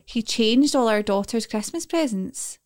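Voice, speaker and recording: A woman's voice: on the high side, animated, unhurried, darkish tone. Chatty woman co-hosting a podcast. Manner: chatty, swearing, laughing often. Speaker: podcast co-host. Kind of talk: casual chat.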